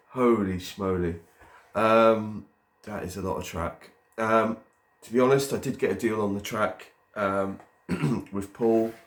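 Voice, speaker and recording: A man with a hoarse voice from a cold, chatting casually to camera about his model railway, with many ums and restarts. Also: low voice.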